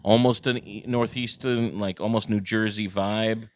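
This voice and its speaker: Low-voiced man in loose podcast chat. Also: steady tone, normal speed. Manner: rambling, loose, full of restarts and fillers. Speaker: podcast co-host. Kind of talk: casual chat.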